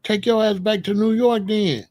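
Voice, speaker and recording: Male host, raspy fry, slightly high pitch, blunt street commentary. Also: steady tone, normal speed, darkish tone. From Chicago. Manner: blunt, streetwise, repeats phrases. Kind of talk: casual commentary monologue.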